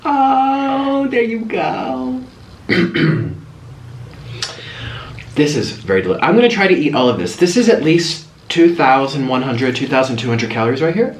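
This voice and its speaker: A man's voice: mid-range voice, fast talker, hardly any pauses. Chatty young man eating on camera. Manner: chatty, excitable, slurping between words. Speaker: food vlogger. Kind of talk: casual mukbang chat while eating. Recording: echoey room with faint hiss.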